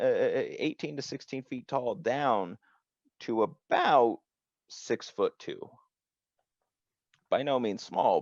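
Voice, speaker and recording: A man narrating as game master for a tabletop game, slow and halting with many restarts. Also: on the low side, no room sound. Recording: dry, dull lo-fi sound.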